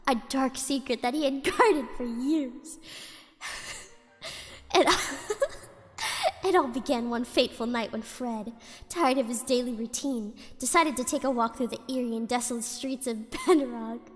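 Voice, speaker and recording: A woman's voice: on the high side, normal speed, long reverb tail, soft background music. A woman streamer reading a spooky story aloud in a casual way, giggling often and breaking off to chat.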